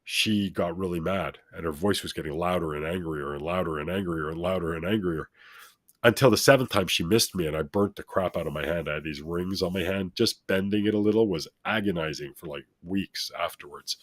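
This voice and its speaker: A guest with a fairly low voice speaks quickly and earnestly in a motivational vein, emphatically repeating phrases to hammer his points home. The recording is close and dry, with no echo or room sound.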